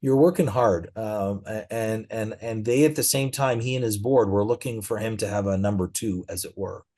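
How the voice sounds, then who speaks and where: With a fairly low voice and a moderate pace, a middle-aged man chats as an interview guest, casually recounting stories and often using fillers.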